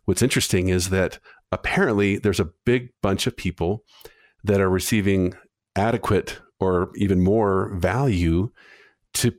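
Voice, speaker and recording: A man hosting an interview, speaking in a thoughtful, measured way and affirming what his guest says. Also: sits low, no room sound, clean studio sound. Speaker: interviewer host. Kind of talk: conversational interview.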